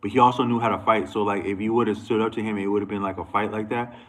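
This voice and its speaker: A man's voice: on the low side, fairly even intonation, fast, a bit bright, poor audio. A man talking to camera in a loose, rambling monologue, restarting sentences and going off on asides. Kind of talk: casual monologue.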